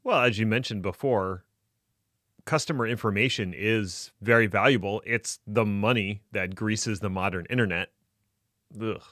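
A man's voice: lowish voice, moderate pace, a bit bright, no echo. A man co-hosting a podcast in a casual chat, adding dry, joking asides. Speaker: podcast co-host.

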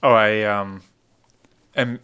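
A man's voice: fairly low pitch, fairly even intonation, slow pace, pushed and bright, clear, resonant tone, lo-fi sound. A man playing a tabletop role-playing game, speaking in a playful way. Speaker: player.

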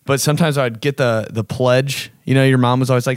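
A man's voice: medium pitch, steady tone, a little fast, clean tone, no echo, studio quality. A man hosting a video, ranting casually and comedically in a rambling, profane way. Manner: rambling, profane, joking, fond of bro and dude. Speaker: vlog host.

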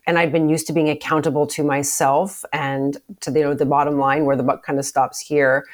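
Brief: low-pitched middle-aged woman, podcast guest, measured and reflective. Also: level tone. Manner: measured, thoughtful, with frequent restarts. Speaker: podcast guest, former museum CEO. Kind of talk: conversational interview answers.

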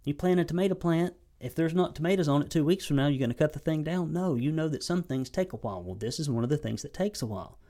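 A man's voice: fairly high pitch, expressive, fast, few pauses, mellow. A man with a Southern US accent giving a blunt, folksy, sarcastic sales training talk to camera as a business coach.

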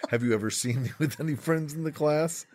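A man's voice: fairly high pitch, a little fast, a little mellow. A man co-hosting a comedy podcast, wry and questioning in improv scenes.

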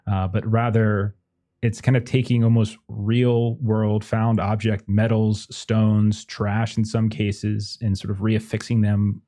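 A man's voice: lowish voice, warm tone. A man narrating a tabletop horror game as game master, describing scenes loosely with many fillers.

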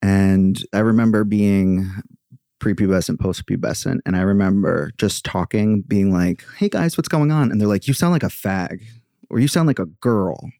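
Brief: chatty male yoga teacher, deep gravelly voice, mellow, dry close sound. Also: normal speed, no echo. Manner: chatty, acts out quoted voices. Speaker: podcast guest, yoga teacher. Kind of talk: candid personal storytelling.

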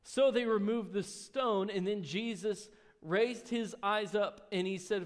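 High-voiced man preaching in a reverberant hall. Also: a little slow. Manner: reads scripture aloud, then explains in casual asides; rises in pitch and volume on key lines. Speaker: pastor. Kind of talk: sermon. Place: church sanctuary. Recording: long church hall reverb.

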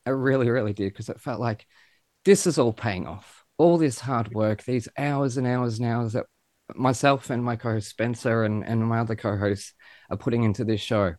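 A man's voice: mid-range voice, dry recording, studio quality. A man, hosting a podcast and talking in a gushing, emotional way. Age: 30s. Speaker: podcast host. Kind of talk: casual chat.

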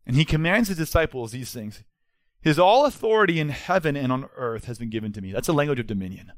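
A man's voice: mid-range voice, animated, fast, no echo. A man, preaching a sermon as pastor in an earnest, emphatic way.

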